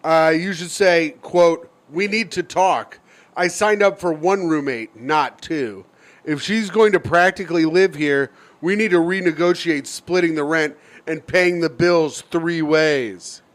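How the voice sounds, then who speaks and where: A man with a notably high voice, trading jokes as a podcast co-host. His delivery is teasing and casual, close on a studio mic. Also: unhurried. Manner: playful, teasing, reads a listener letter aloud. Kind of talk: casual comedic podcast banter.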